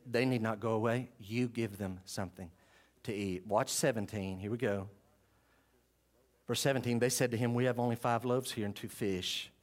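A man preaching a sermon, switching between emphatic preaching and low, contemplative asides. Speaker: pastor.

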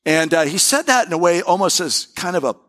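Earnest preaching man, higher voice. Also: sing-song, fast, fairly bright tone. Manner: earnest and conversational, with frequent restarts. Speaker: pastor. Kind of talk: sermon. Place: church service before a live congregation.

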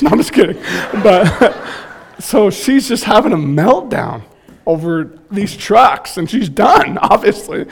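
A man in his thirties preaching a sermon, telling stories in an animated, joking way. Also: high-pitched, moderate pace, vocal fry. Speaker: pastor.

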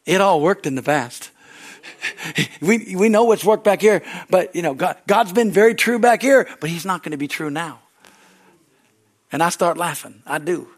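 Man preaching, church service, lively animated storytelling, loud laugh, higher voice. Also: normal speed. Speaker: pastor. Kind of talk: sermon.

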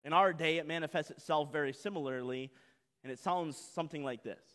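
A man pastor preaching a sermon dramatically, acting out voices and swinging from loud to soft. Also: fairly high pitch, fairly quick, long reverb tail.

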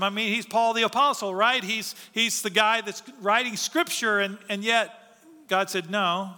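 A man's voice: high-pitched, pushed and bright, in a large hall. A man preaching a sermon as pastor, earnest and emphatic, often asking rhetorical questions and answering them.

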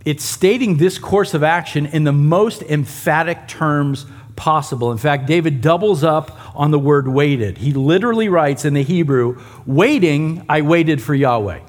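A man's voice: a little high, normal speed, hardly any pauses. A man preaching a sermon and teaching a Bible passage in a conversational way, with asides to the congregation. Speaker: pastor.

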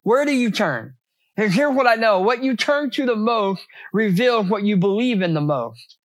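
Male pastor, higher voice, dry close sound, casual sermon, rhetorical questions, repeats words. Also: expressive, normal speed, no room sound.

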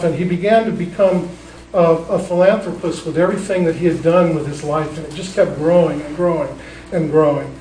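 A man preaching a sermon as a pastor, telling stories in a relaxed, conversational way with frequent restarts. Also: on the high side, roomy sound, recorded from a distance, low-quality recording. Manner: conversational storytelling with many restarts.

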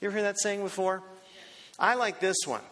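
Male pastor, high voice, emphatic sermon delivery full of rhetorical questions, heard in a big echoing hall. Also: a little fast, pushed and bright.

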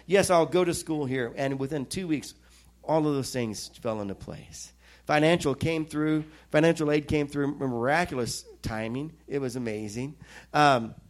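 A man's voice: sits high, fairly bright tone. A man preaching a sermon, telling a personal testimony in a storytelling way with self-mocking asides, from Missouri. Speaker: pastor.

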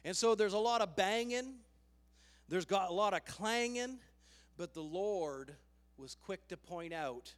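Man, pastor preaching, emphatic, slightly high voice, long hall reverb. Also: expressive, measured pace. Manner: emphatic, swinging from loud to hushed. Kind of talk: sermon.

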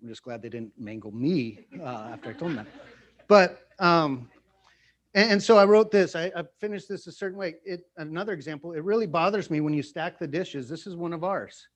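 A middle-aged man preaching in a relaxed, conversational way, joking and laughing at himself often. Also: a little high, a little fast. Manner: playful, self-mocking, jokes and laughs often. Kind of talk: conversational sermon.

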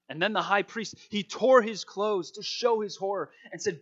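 A man with a somewhat high-pitched voice delivers a sermon, first reading scripture with dramatic emphasis. He then moves into relaxed, conversational preaching with everyday fillers. The recording sounds dull and muffled. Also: moderate pace.

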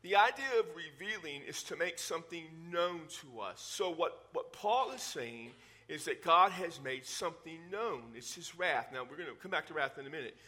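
A middle-aged man with a drawl delivers a teaching sermon. His voice sits a little high and rings bright and forceful, yet he keeps a conversational, explaining tone. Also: animated, moderate pace, slightly rough. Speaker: pastor.

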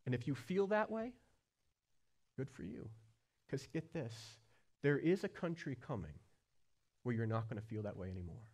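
A man preaching a sermon as pastor, earnest, with questions put straight to the listeners and swings from quiet low passages to loud high-pitched stretches. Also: animated, moderate pace, long pauses. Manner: asks the listeners direct questions.

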